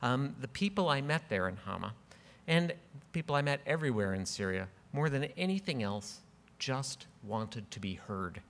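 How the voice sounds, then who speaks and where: A middle-aged man giving a formal acceptance speech at a podium, measured and earnest, with frequent ums and dry humor. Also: medium pitch, vocal fry. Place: large ceremony hall. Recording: long hall reverb.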